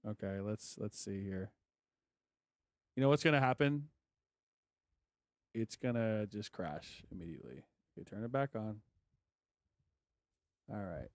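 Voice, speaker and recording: A man talking to himself as he installs music software. He mutters, swears and gets frustrated as it keeps failing. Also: fairly low pitch, unhurried, long pauses, no room sound. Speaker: music producer vlogger. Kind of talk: casual screen-recording chat.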